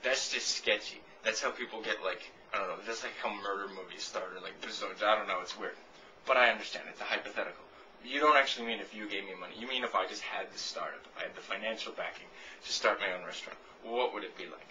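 A man's voice: on the low side, fast talker, bright, forceful tone, slight background noise, low-quality recording. A man in his twenties talking casually to camera. He rambles through a comic, sarcastic rant and swears freely. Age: 20s. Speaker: vlogger answering a viewer question.

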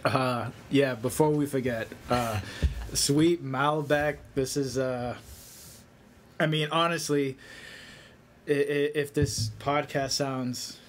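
A man's voice: medium pitch, fairly even intonation, slow. A man from Massachusetts, a filmmaker guest, chatting casually, joking and stumbling a little over his words. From Massachusetts, USA. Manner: loose, joking, slightly stumbling. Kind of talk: casual interview chat.

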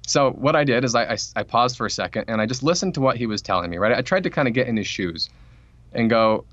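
A man's voice: medium pitch, dry recording, dull audio. A man, an author guest on a podcast, telling a workplace story in a casual interview and acting out what people said. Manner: fast, animated storytelling with acted-out quotes.

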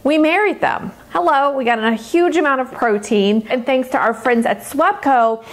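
A woman's voice: sits high, moderate pace. Gushing, bubbly woman host. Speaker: dietitian cooking show host. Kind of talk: cooking demonstration.

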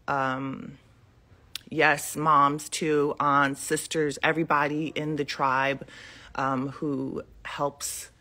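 A vlogger in her forties chats casually with viewers from home in the morning, holding her phone in her hand to speak into it. Her voice is deep with a sharp tone, and she rambles with lots of ums during this live chat.

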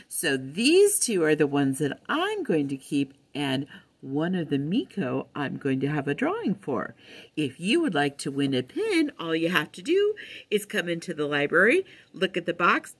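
Female librarian host for kids; lively, bright, storytime delivery. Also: sits low, breathy edge. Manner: slow, storytime-like narration addressed to kids; bursts into squealing excitement. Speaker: children's librarian. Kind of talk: children's unboxing show.

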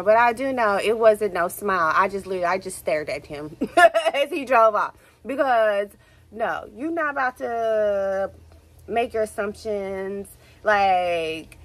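A young woman with a Houston accent, telling a story to her vlog in a casual, animated way, full of swearing and "like, literally" fillers. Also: a little high, low-quality recording. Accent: Southern US, Houston. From Texas, USA. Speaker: vlogger.

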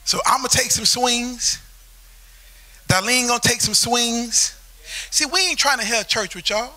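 A man preaching a sermon as pastor, telling a story in an animated way that swells into shouting. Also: very high-pitched, measured pace. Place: church sanctuary.

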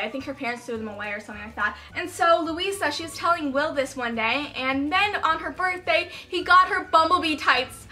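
Bubbly high-voiced young woman vlogger. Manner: gushing, excitable, many fillers. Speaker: book vlogger. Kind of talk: casual vlog unboxing.

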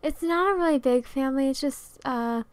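A woman's voice: sits high, normal speed, dry recording. A young woman chatting casually over a game video, rambling with lots of fillers and little laughs. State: out of breath. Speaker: Sims builder and video creator.

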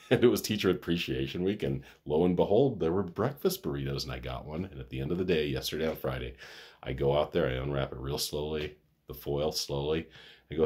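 Very deep husky man rambling. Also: brisk, a little mellow. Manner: rambling, laughs often, swears casually. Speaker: vlogger. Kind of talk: rambling personal vlog.

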